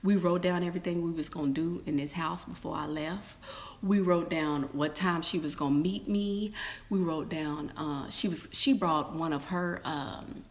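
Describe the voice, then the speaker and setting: Woman vlogger, lower pitch, chatty storyteller who acts out quotes in squeals and whispers. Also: moderate pace. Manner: chatty, addresses viewers as y'all and girl. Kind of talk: casual storytelling to viewers.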